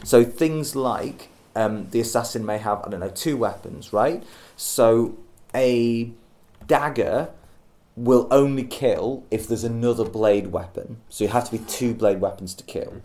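A man co-hosting a casual podcast, pitching a game idea in a rambling, jokey way and tripping over his words. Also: measured pace, mellow. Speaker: podcast co-host.

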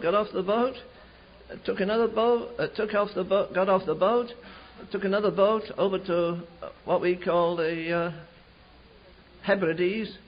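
Older male preacher, high husky voice, fervent storytelling with shouted peaks, lo-fi archive sound. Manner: fervent, builds to shouting climaxes. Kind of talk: storytelling sermon. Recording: dull lo-fi archive recording.

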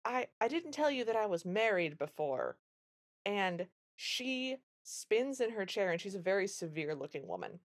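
Woman, podcast co-host, casual film recap, acts out lines, lively. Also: mid-range voice, moderate pace. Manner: animated retelling, acts out quoted lines.

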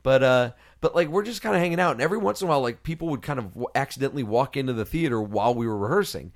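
A man hosting a casual chat, telling a story in a lively way and acting out what other people said, with the odd swear word. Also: medium pitch, rapid-fire. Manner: animated storyteller, acts out quoted people. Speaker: podcast host.

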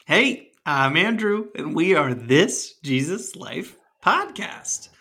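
A man's voice: on the high side, big pitch swings, slow pace, bright, forceful tone, breathy edge. A man co-hosting a casual podcast, easygoing and rambling, laughing often as he talks. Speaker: podcast co-host.

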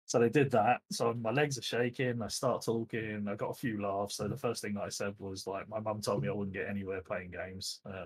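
A man's voice: lowish voice, breathy edge, poor audio. A middle-aged man from the UK, a guest telling rambling, self-deprecating stories with lots of fillers in a casual interview chat. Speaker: esports director, guest.

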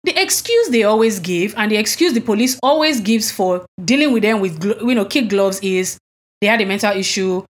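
A woman's voice: medium pitch, animated, fairly quick. A woman co-hosting a podcast, recounting events in an indignant, emphatic way and asking pointed rhetorical questions. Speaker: podcast co-host. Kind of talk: casual conversational chat.

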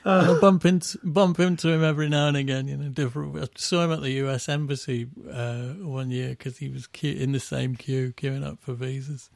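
Man, middle-aged, from England, gravelly voice, dry room, rambling anecdotes. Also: mid-range voice, steady tone, a little fast, few pauses, no room sound. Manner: rambling storyteller with restarts, laughing at his own stories. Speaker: band musician guest. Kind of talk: casual anecdotal chat.

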